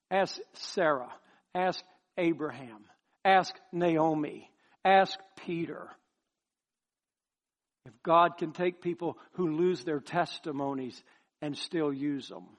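Guy pastor preaching hard then going soft, kinda high voice for a man. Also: lively intonation, slow pace, long pauses. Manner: impassioned, emphatic preaching with soft pleading passages. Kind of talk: sermon.

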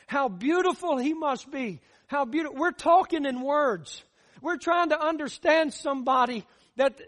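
A man with a very high-pitched voice delivers a sermon in an earnest preaching cadence. He stacks short repeated phrases and lifts his voice for emphasis.

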